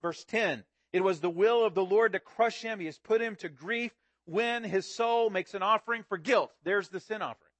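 A man delivering an expository sermon in a somewhat high voice. He reads scripture aloud and swells to emphatic peaks as he teaches. The sound is dry and close, with no room echo. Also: moderate pace, fairly bright tone. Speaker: pastor.

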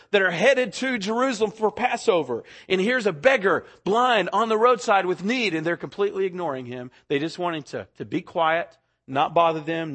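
A pastor preaching a sermon, swinging between loud, urgent lines and hushed, quiet ones. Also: male voice, high-pitched.

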